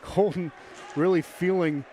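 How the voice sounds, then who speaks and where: A man calling live hockey play-by-play, brisk and chatty, tossing in joking asides. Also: high voice, steady tone, dark tone, a little hiss or hum. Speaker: play-by-play commentator.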